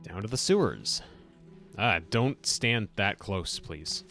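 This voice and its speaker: A man's voice: on the low side, animated, slow, creaky, pushed and bright. A man casually commenting while playing a game, muttering wry remarks and reading quest text aloud. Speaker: game streamer. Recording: game music behind.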